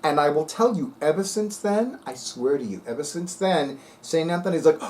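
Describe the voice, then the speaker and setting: A man's voice: on the high side, sing-song, moderate pace, hardly any pauses, a little mellow, slight background noise. A man talking casually to viewers as a vlog host, sassy, emphatic and dramatic. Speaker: spiritual video host.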